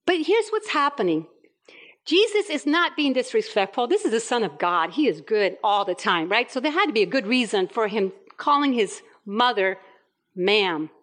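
High-voiced woman preaching a sermon. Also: normal speed. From Puerto Rico. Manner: animated storytelling with acted-out quotes.

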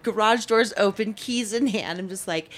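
A middle-aged woman co-hosting a podcast, telling a lively story with laughs and acted-out voices of her kids. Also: mid-range voice, normal speed. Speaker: podcast co-host. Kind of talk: casual chat.

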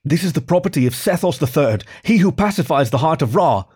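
A proud cheetah guardian declares his duty in a firm, defiant voice, as a man reading the story acts him. The voice sits a little above plain speech and carries lively rises and falls. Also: a little high, fairly quick, slightly rough, dry recording, studio quality, voice pushed up. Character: proud dutiful male cheetah tomb guardian.

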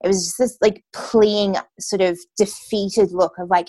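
A woman's voice: medium pitch, steady tone, a little slow, mellow, dry recording. A young woman candidly telling her own story in a conversation, with many casual fillers.

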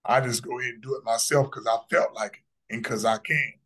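A man in his fifties talks in a brash, boastful way as a podcast guest, hammering his points home. His voice sits at an ordinary middle pitch for a man. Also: steady tone, a little fast, a bit bright. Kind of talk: casual interview talk.

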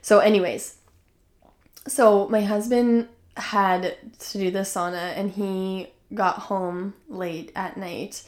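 A woman's voice: medium pitch, fairly even intonation, slow pace, darkish tone. A woman hosting a podcast, telling a personal story in a chatty, casual way with many fillers. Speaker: podcast host.

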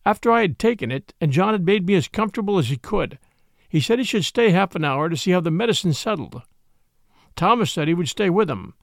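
A man narrates a classic novel in a measured storytelling style. His voice sits high with lively pitch movement and a gravelly texture, recorded dry and close. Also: no echo. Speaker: podcast reader. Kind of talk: scripted audiobook narration.

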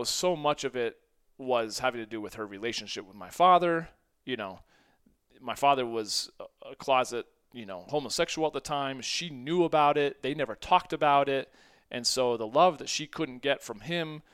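A man's voice: medium pitch, expressive, normal speed, a bit bright, clean tone. Guy in his 40s rambling on his podcast, jokey and self-deprecating, laughs a lot. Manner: chatty, self-deprecating, laughs between phrases. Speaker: podcast host. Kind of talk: casual solo podcast monologue.

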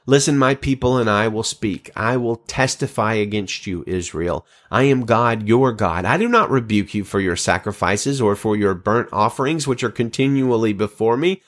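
Man reading scripture steadily. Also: on the low side. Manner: measured, steady reading with dramatic rises on divine speech. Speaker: scripture reader.

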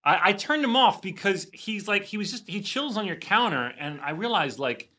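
Lively, bright-voiced joking man. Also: high-pitched, moderate pace. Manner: animated, joking, profane. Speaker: podcast co-host. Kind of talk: casual chat.

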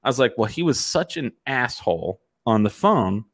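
A middle-aged man telling a profane, animated story in casual chat as a host. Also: mid-range voice, normal speed.

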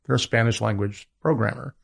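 A man talking as a guest in a business interview, rambling with many restarts as he makes his pitch. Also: steady tone, fairly quick, creaky. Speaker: media entrepreneur guest.

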